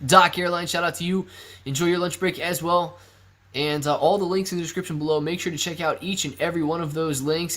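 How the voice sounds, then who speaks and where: A man with a fairly high voice hosts a live stream. He talks with lively energy and rattles off shout-outs to viewers in the chat one after another. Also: quick pace.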